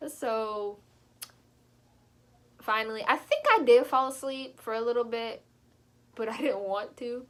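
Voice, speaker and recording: A young adult woman telling a personal story in a casual vlog, animated and chatty, leaping up in pitch when she quotes herself. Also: measured pace, pauses often. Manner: animated, jumps high when quoting herself; chatty, frequent fillers. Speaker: vlogger.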